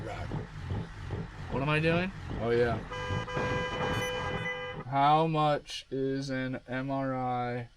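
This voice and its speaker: A man's voice: medium pitch, noisy background. A man chatting casually on a live stream, rambling and talking baby talk to his dog.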